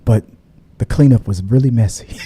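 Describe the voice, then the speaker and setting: A man's voice: mid-range voice, normal speed, warm tone, slightly rough. A man co-hosting a casual movie podcast, joking and laughing often as he talks. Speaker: podcast co-host. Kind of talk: casual chat.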